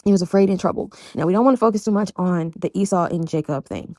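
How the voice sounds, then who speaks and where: A woman's voice: fairly low pitch, fast talker, darkish tone, no echo, studio quality. A woman casually retelling a bible story in a chatty, digressive way, full of asides. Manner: chatty, digressive, fillers like "you know".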